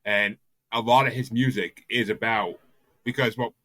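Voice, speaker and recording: Male podcast host, deep and punchy, dry close sound, eager, rambling, stammering. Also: fairly even intonation, moderate pace, fairly bright tone, dry recording. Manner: rambling and enthusiastic, stumbles over repeated words. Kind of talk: casual podcast chat.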